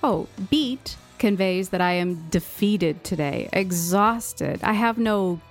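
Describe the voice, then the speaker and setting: A woman's voice: medium pitch, takes it slowly, faint music behind. A woman co-hosting a podcast, reading a scripted English-lesson dialogue in a sleepy, apologetic way while explaining words. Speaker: podcast co-host.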